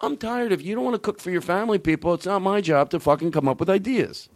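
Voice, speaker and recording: A man hosting a comedy talk show, rambling and excitable with plenty of swearing. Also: high voice, quick pace, no echo. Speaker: host.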